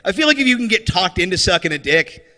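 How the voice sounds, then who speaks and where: A man performing a stand-up comedy set on stage, animated and slipping into mocking character voices. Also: high-pitched, fast talker, big-room sound. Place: comedy stage before a live audience.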